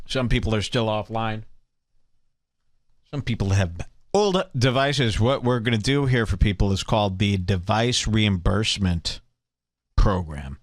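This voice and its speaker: A man hosting a live stream, mocking a rival show with sarcastic, salesman-like pitches. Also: lively intonation, measured pace, no room sound, clean studio sound. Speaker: host. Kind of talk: mock-promotional live stream commentary.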